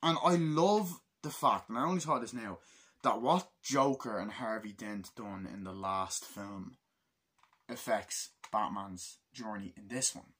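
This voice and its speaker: Husky young guy ranting excitedly about a movie, swears a ton. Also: lowish voice, a little slow. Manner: excitable, swears a lot, acts out scenes. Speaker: movie reviewer. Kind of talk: casual film review.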